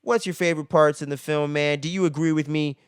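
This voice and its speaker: A man rattles through a film recap in loose, slangy talk, swearing freely and tagging "man" onto nearly every phrase. His voice sits a little high and sounds smooth and clear. The recording is dry and close. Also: steady tone, quick pace, no echo. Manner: slangy and profane, ends many phrases with "man". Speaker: movie reviewer. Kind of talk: casual spoiler movie review.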